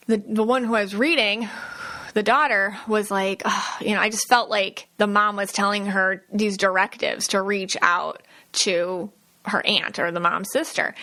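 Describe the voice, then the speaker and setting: Chatty podcast lady, bright voice, lots of likes and restarts, acts out quotes. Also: mid-range voice. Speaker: podcast host and psychic medium. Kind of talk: casual solo podcast monologue.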